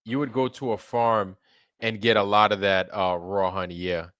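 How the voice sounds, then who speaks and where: A man's voice: lowish voice, moderate pace, clean tone, no echo, clean studio sound. A middle-aged man from Brooklyn co-hosting a livestream, chatting casually and swearing freely. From Brooklyn, New York. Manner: animated storytelling, swears freely. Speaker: co-host.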